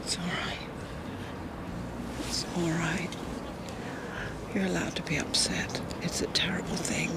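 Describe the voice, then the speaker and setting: Soft-spoken senior detective. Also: female voice, fairly low pitch, steady tone, measured pace, very noisy. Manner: gentle and coaxing, sharpening when questioning. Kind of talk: TV police drama acting.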